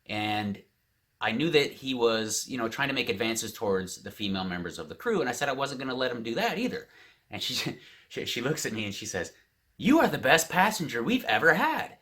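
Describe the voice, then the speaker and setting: A man's voice: medium pitch, brisk. A man casually telling a story straight to camera, quoting the people involved without changing his own voice. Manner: animated, quotes others in his own voice. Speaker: vlogger. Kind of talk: storytelling vlog.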